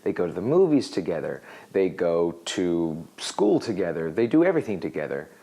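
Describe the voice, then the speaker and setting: In a deep voice with vocal fry, speaking at a moderate pace, a man teaches an English phrase in a video lesson. His energy runs high as he performs the example conversations.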